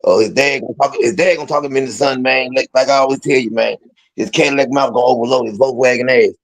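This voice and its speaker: A man's voice: mid-range voice, fairly even intonation, quick pace. A man co-hosts a casual boxing talk show, giving blunt, slangy takes on fighters. His voice sits in a plain middle range. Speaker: co-host.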